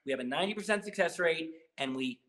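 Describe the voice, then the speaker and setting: Animated, high-voiced man pitching. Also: fast. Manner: animated, persuasive pitch with rhetorical questions. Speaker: guest, program founder. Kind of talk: energetic podcast interview.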